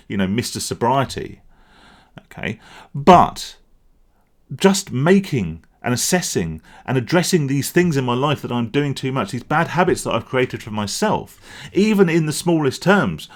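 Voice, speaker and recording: A middle-aged man, ranting bluntly in a vlog and swearing as he makes his point. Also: medium pitch. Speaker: vlogger.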